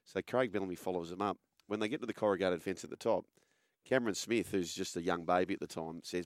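A man hosting a casual sports chat, telling an animated yarn. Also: low-pitched, fast, dry recording, studio quality.

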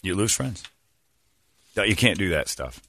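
A middle-aged man hosting a radio show, telling funny stories in an animated way and acting out the voices of people in them. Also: sits low, a little slow. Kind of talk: casual comedic storytelling.

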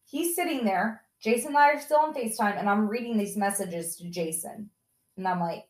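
A woman's voice: mid-range voice, normal speed, echoey room, low-quality recording. A mother telling a story on a podcast, casually, acting out what people said in a raised voice. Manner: animated, acts out quotes in raised voice.

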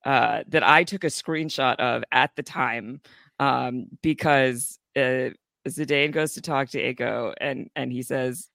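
A man's voice: mid-range voice, steady tone, a little slow, creaky, bright, forceful tone, dry recording, studio quality. A man co-hosting a casual podcast recap, laid-back and amused. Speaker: podcast co-host.

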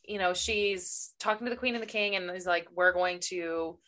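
A woman co-hosting a casual book chat, rambling and expressive, quick to laugh. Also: medium pitch. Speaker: podcast co-host.

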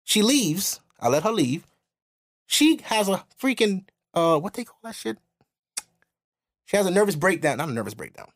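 A man from New hosting a podcast, telling a story in animated, profane casual chat. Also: high-pitched, normal speed, pauses often. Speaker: podcast host.

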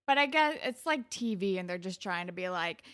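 A woman's voice: medium pitch, lively intonation, a little fast, a bit bright, no room sound, studio quality. A young woman casually recapping a TV episode with a co-host, chatty and sarcastic, full of "like". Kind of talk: casual chat.

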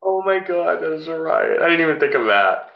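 A man co-hosting a podcast, telling a story in casual chat, animated and laughing often, his voice jumping high when excited. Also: brisk, vocal fry, lo-fi sound. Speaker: podcast co-host.

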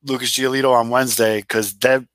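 A man's voice: medium pitch, little pitch movement, brisk, a bit bright, slight background noise. A man co-hosting a podcast, enthusiastic and laughing, swearing freely in casual sports chat. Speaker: podcast co-host.

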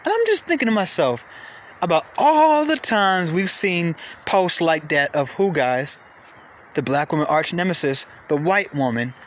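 A man hosting a podcast, ranting casually in a profane, repetitive way, with sudden jumps in pitch. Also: lively intonation, measured pace, a little hiss or hum. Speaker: podcast host. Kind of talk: casual rant.

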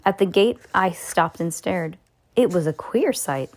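A woman reads a children's book aloud in a lively way. She stumbles now and then and adds little comments of her own. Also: lowish voice, unhurried. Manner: lively with small slips and asides. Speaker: storyteller.

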